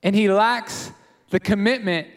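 A high-voiced man preaches an expository sermon in a casual, animated way, stumbling into restarts and fillers. His voice rings out in a church hall with a long reverb tail. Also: a little slow. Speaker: pastor.

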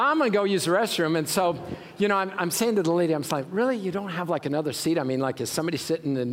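A man preaching a sermon as pastor, telling stories with humor in an animated way. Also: on the high side, slight background noise. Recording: reverberant hall.

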